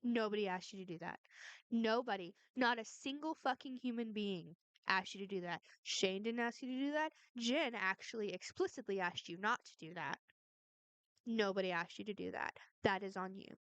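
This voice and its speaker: Furious sarcastic woman, smooth dry voice. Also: medium pitch, normal speed, a bit bright, dry recording. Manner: angry, sarcastic and profane ranting. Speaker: vlogger responding to a harasser. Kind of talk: heated commentary vlog.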